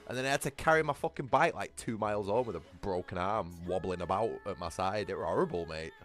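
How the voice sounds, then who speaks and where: A man's voice: lowish voice, quick pace, hardly any pauses, faint music behind. A man, chatting casually with his livestream viewers, rambling, swearing freely and laughing often. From Britain. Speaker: gaming livestreamer.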